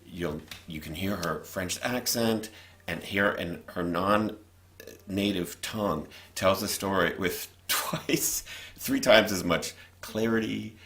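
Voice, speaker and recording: A middle-aged man with a very low voice talks casually over old family footage. He speaks in a relaxed, chatty way, restarting sentences as he goes. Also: slow. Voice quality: conversational, with restarts and laughs. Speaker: narrator of family film. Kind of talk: casual commentary over home video.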